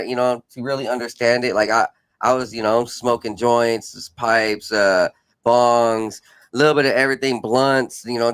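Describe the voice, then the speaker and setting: A man in his thirties hosting a podcast, asking questions in a casual, halting way with lots of restarts. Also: mid-range voice, a bit bright. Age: 30s. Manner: halting, many fillers and restarts. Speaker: podcast host. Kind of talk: casual interview chat.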